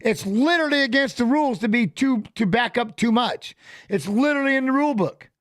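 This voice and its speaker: High-voiced man calling a fight live. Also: fairly quick, dry recording, clean studio sound. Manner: animated, coaching fighters aloud, repeats phrases. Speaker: watch-along fight commentator. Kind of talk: casual live fight commentary.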